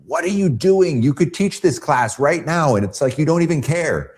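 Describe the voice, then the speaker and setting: A stern female art teacher, scolding in disbelief, her voice pushed up high and loud, as a deep-voiced man puts her on. She is incredulous and impatient. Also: expressive, moderate pace. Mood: exasperated.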